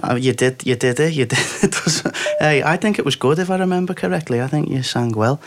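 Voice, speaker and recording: A man's voice: a little high, fairly quick, a little hiss or hum. A man hosting a radio call-in show, chatting casually and jokily with a caller, with the odd mild swear. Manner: jokey, chatty, swears lightly.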